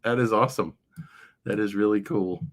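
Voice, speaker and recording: A man's voice: fairly low pitch, moderate pace. A man hosting a casual livestream chat, rambling along with frequent fillers. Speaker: livestream show host.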